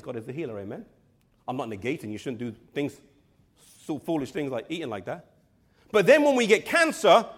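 High-voiced male preacher, emphatic sermon. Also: very animated, slightly rough. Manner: emphatic, slows down for emphasis and drops to a hush; addresses the congregation directly.

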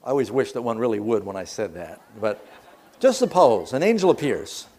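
A man's voice: mid-range voice, very animated, a little fast, a little mellow. A man preaching a sermon, retelling scripture as a dramatic story and putting questions to the congregation. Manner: conversational, asks the audience questions. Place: church platform before a congregation.

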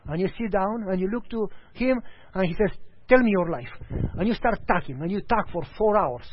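Male preacher, lively storytelling delivery with voiced dialogue; high, animated pitch. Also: brisk, husky. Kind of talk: sermon. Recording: dull lo-fi audio.

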